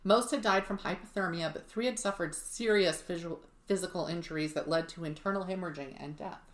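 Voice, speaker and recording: A woman's voice: lowish voice, fairly quick, roomy sound. A woman co-hosting a podcast, telling a true mystery story in a chatty way with wry asides. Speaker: podcast co-host.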